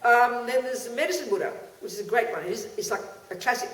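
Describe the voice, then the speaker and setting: A woman's voice: fairly high pitch, fast talker, fairly bright tone. A woman teaching Buddhist practice, chanting mantras and explaining them in a blunt, chatty way. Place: teaching hall with an audience. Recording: roomy, distant mic, crowd in the room.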